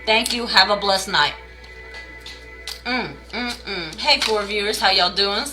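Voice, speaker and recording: Late at night, a woman reads tarot on a live stream from home, her mid-range voice a little slow over music on a low-quality recording. She's blunt and heavily profane, ranting, calling viewers baby and y'all and greeting chat by name.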